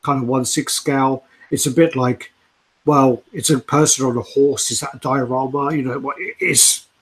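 A man co-hosting a casual chat about collectible statues, relaxed, laughing and swearing easily. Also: mid-range voice, moderate pace.

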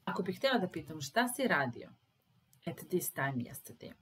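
Woman teaching grammar, slightly low voice. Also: very animated, slightly rough, poor audio. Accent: Serbian. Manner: patient, stresses example sentences slowly. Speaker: English teacher. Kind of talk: explaining English grammar in Serbian.

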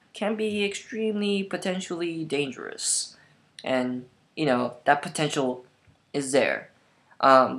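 A man's voice: fairly high pitch, fairly bright tone. A young man talking into a laptop camera in a casual opinion monologue, hesitant and full of ums and restarts. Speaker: vlogger. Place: at home in front of a laptop. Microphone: laptop camera mic.

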